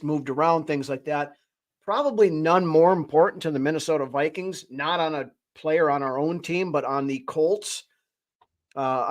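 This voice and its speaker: A man hosting a casual sports chat, thinking aloud in a rambling way as he goes. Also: a little high. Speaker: podcast host.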